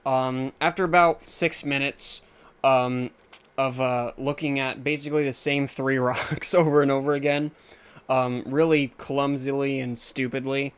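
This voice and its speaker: A man's voice: medium pitch, little pitch movement, a little slow, clean tone. A man narrating a tabletop game as game master, chuckling through loose, amused descriptions.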